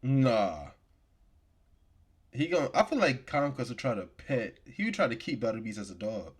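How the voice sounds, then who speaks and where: A man co-hosting a podcast in casual chat, animated and slangy in his banter. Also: medium pitch, moderate pace, husky. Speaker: podcast co-host.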